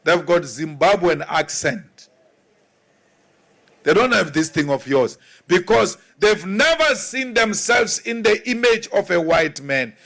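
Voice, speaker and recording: A man with a South African accent giving a forceful political rally speech, repeating lines for emphasis. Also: high voice, lively intonation, slow pace, vocal fry. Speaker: opposition politician.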